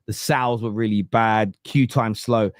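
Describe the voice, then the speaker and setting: Swearing East London football podcaster. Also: male voice, lowish voice, unhurried, no room sound, clean studio sound. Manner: animated storyteller, swears freely, acts out quotes. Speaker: podcast host. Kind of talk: casual football podcast chat.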